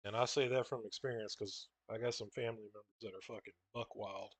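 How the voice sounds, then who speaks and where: A man's voice: lowish voice, steady tone, brisk, dry recording. A young man, rambling casually and swearing while he draws a comic page and tells stories. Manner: rambling, profane, says "bro" and "dude" a lot. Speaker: comic artist drawing on stream. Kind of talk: casual storytelling while drawing.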